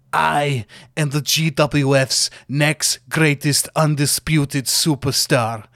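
A man's voice: on the high side, no room sound, studio quality, voice pushed up. A man voicing an arrogant, boastful male villain wrestler who taunts with sneering, grandstanding speeches.

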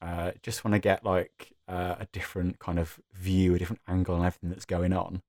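A man's voice: low voice, flat delivery, brisk, a little mellow, dry recording, clean studio sound. A man playing a tabletop game, speaking hesitantly with lots of fillers. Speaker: player.

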